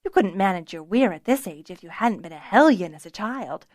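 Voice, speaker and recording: A woman voicing a brisk, no-nonsense housekeeper with a dry, fond manner. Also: fairly low pitch, lively intonation, darkish tone, no room sound, natural voice.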